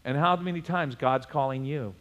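A male pastor preaching a sermon in a church, with lively bursts and chuckles. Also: medium pitch, moderate pace, in a large hall, dull audio. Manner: animated preaching with sudden loud bursts and chuckles.

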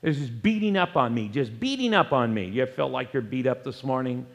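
A man preaching a sermon as pastor, emphatic, with wide swings between loud, raised phrases and low, quiet ones. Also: animated, fairly quick, vocal fry, dull audio. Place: church sanctuary. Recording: long hall reverb.

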